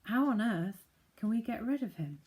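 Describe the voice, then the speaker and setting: A woman's voice: animated, moderate pace, a little mellow, close to an everyday voice. A woman reading the part of a wary young boy who speaks cautiously under his breath. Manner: cautious and low-voiced.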